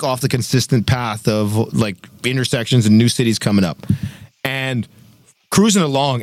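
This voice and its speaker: A young man telling a story in casual chat, animated and acting out quotes, with frequent laughs. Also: medium pitch, dry recording. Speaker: podcast co-host telling a story.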